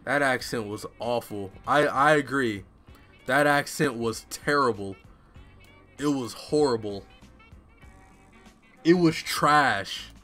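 A man's voice: mid-range voice, slow, pauses often, pushed and bright, faint music behind. A man commentating a live game stream, joking and self-mocking in casual street slang. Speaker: gaming streamer.

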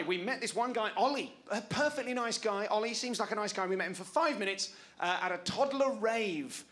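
A man's voice: high-pitched, lively intonation, moderate pace, noisy background. A man in his forties doing a stand-up comedy set on a club stage, wry and self-mocking, talking back to the audience. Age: 40s.

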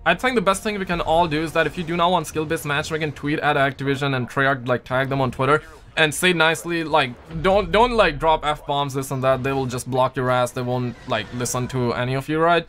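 A young man with a slightly high, somewhat bright voice talks fairly quickly while hosting a gaming livestream, with faint music behind him. He chats loosely and jokingly with viewers, reading their messages in slang full of "man" and "dude."

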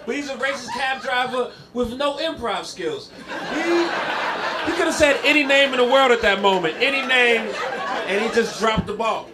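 Male stand-up comic, high voice, punchy storytelling, live comedy club, crowd laughing. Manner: animated storytelling, punchy repeated lines. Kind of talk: stand-up routine. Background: audience laughter.

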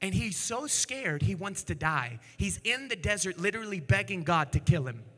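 A man preaching an energetic sermon as a pastor, animated, swinging between shouts and hushed storytelling. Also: high-pitched, moderate pace. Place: church sanctuary. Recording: echoey church hall.

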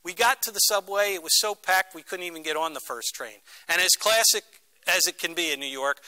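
A man's voice: high-pitched, pushed and bright. A middle-aged man from Philadelphia, speaking as a guest lecturer to students and telling a story with dramatic emphasis. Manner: dramatic, acts out quoted voices. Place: university lecture room.

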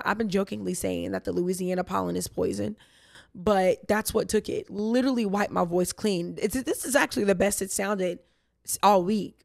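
Young woman, podcast host, hoarse and raspy, gravelly, tired low energy, rambling chatty talk, dry close sound. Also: no room sound. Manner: chatty, rambling with tangents and restarts. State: hoarse from losing her voice. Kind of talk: casual faith Q&A podcast.

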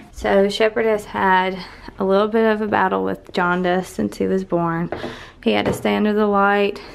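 A woman's voice: medium pitch, level tone, a little slow, gravelly, long pauses, background noise. A woman, a new mother, chatting casually in a home vlog, tired and affectionate as she talks. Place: home living room.

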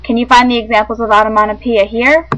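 A woman reading a lesson on literary devices aloud, measured and clear, with small slips in her phrasing. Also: a little high, little pitch movement, a bit bright, rough recording. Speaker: teacher.

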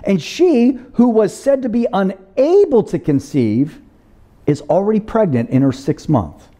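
A man's voice: high-pitched, sing-song, measured pace, dark tone. A man preaching a sermon to a congregation, talking casually with asides and asking the listeners to answer back. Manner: interactive, asks the congregation to answer and fill in. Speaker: pastor. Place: church service.

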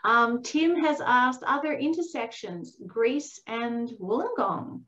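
A woman's voice: a little high, expressive, slow, fairly bright tone. A middle-aged woman hosting a book launch, reading out audience questions with effusive enthusiasm and frequent laughter. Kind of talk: moderating a Q&A. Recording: dull lo-fi video call audio.

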